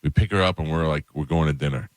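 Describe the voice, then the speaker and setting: A radio host in his forties with a very low voice tells a family story in easy chat and acts out each person's lines. The studio sound is dry and close. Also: fast, no room sound. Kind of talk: casual morning radio chat. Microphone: studio microphone.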